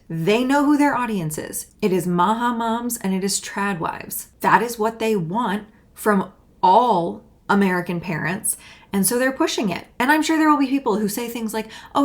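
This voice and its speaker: A young woman giving fired-up commentary on clips she plays. Her delivery is indignant and sarcastic, often breaking into exasperated outbursts. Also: mid-range voice. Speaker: political commentator.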